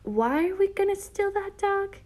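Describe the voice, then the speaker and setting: A woman reading an audiobook, voicing a slow, stubborn third-grade boy who talks in plain, drawling kid speech. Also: extremely high pitch, animated, a little mellow, voice pushed up. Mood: puzzled.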